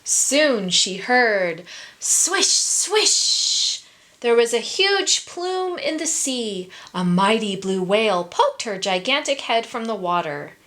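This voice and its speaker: A woman teacher reading a children's storybook aloud in a slow, expressive, sing-song way. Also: a little high.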